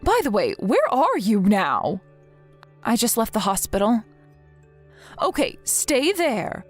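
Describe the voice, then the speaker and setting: A woman's voice: fairly high pitch, huge pitch swings, slow, full character voice. A woman reading the lines of a worried mother-in-law who scolds her son, in a scripted text-message story. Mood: soothing. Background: faint background music.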